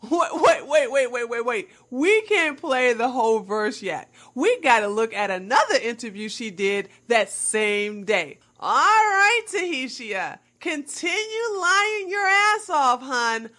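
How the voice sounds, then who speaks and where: A woman's voice: high-pitched, very animated, slow, few pauses, a bit bright. A woman delivering sarcastic commentary to her viewers, mocking the claims she reviews and calling her audience y'all. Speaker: commentary vlogger. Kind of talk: scripted commentary.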